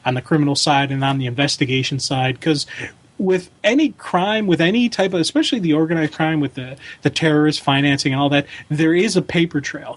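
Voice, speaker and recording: Guy cohosting a podcast, kinda high voice, rambles with lots of you knows. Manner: rambling, many fillers and restarts. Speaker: podcast co-host. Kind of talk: casual chat.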